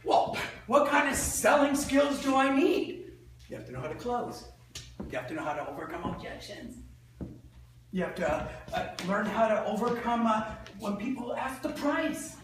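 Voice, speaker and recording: Sales trainer, male, high voice, playful crowd-quizzing delivery, echoey hall mic from far off. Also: moderate pace, a little hiss or hum. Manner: quizzes the audience with fill-in-the-blank questions; lively and joking. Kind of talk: live seminar talk to an audience. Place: large indoor room with an audience.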